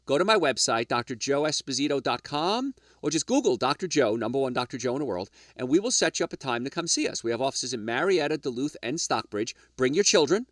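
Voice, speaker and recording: A man's voice: medium pitch, lively intonation, quick pace, hardly any pauses, no echo, studio quality. A middle-aged or older man hosting a health radio show, lecturing emphatically with rhetorical questions and asides to "folks".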